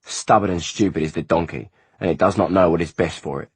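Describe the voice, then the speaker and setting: A man voicing a calm young woman who speaks flatly and coolly. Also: low-pitched, brisk, breathy edge. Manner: calm and flat.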